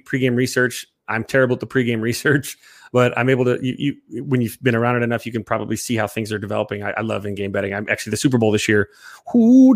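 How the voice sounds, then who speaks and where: A young man co-hosting a casual sports chat, rambling and jokey, quick to laugh. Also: medium pitch, no room sound. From Chicago area. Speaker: sports podcast co-host.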